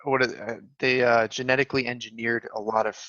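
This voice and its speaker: A man's voice: mid-range voice, level tone, a little fast, sharp tone, no echo. A man co-hosting a casual podcast, explaining things in a chatty way with many fillers. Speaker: podcast co-host. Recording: dull lo-fi dry mic sound.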